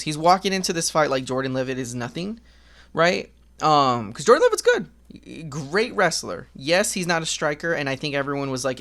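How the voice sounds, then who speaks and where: A man's voice: on the high side, very animated, fairly quick, vocal fry, a bit bright. A man giving casual, rambling commentary while gaming, candid and profane, with lots of fillers. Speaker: gaming vlogger.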